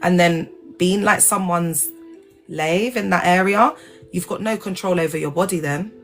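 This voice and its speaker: A woman hosting a casual livestream, talking in an animated, digressive way and spelling out sensitive words letter by letter. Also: lowish voice, moderate pace, faint music behind. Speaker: livestream host. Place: lives in England.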